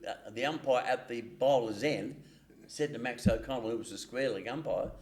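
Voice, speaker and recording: Older man, Australian accent, rambling storyteller, stumbles and restarts, mid pitch. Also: normal speed, darkish tone. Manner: rambling anecdotes with frequent restarts. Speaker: guest, former cricketer. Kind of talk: storytelling in casual chat.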